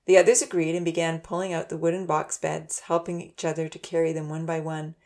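A woman narrating a children's storybook aloud in a steady, gentle way. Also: sits low, fairly quick.

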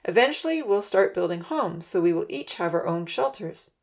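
A woman voicing a kind, calm adult man who leads a group of children, speaking slowly and reassuringly. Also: medium pitch, close to an everyday voice. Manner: slow, reassuring and firm.

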